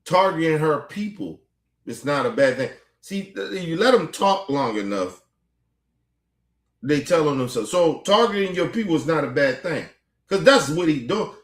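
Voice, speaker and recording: A man giving casual, profanity-laced reaction commentary as a streamer, sounding exasperated. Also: a little high. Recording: echoey room.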